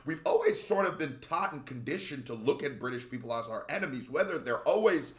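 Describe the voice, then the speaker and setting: A man hosting a reaction video, ranting with passion in casual commentary and sometimes shouting. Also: fairly high pitch, animated, a little fast, hardly any pauses, reverberant. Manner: impassioned, ranting, shouts at times.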